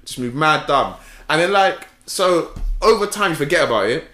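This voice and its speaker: Man, slangy animated storyteller, bright tense voice, echoey room. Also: a little high, normal speed, faint music behind. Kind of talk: casual chat storytelling.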